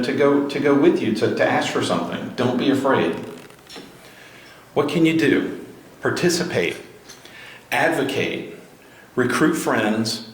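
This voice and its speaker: A man giving a motivational talk to a live audience, urging them on with repeated rallying questions. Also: mid-range voice. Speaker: speaker at a grassroots political gathering. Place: event room with a crowd. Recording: very echoey room, faint noise.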